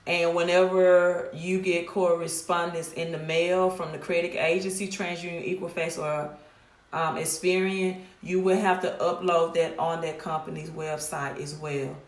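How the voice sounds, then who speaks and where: A woman's voice: fairly low pitch, little pitch movement, a little slow. A middle-aged woman with a Mississippi accent, hosting a casual live stream about her credit repair business in a direct, scolding way that repeats points. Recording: echoey room.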